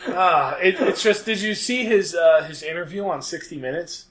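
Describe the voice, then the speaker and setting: A man's voice: sits high, moderate pace, a bit bright. A man co-hosting a podcast, chatting casually and rambling with hesitations. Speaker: podcast co-host. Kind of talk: casual chat.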